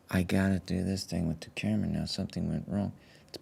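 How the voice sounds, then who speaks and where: Deep gravelly man hosting a live stream. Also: quick pace, a little hiss or hum. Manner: self-deprecating, deadpan, grumbling at tech trouble. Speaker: show host. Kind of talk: rambling comic live-stream monologue.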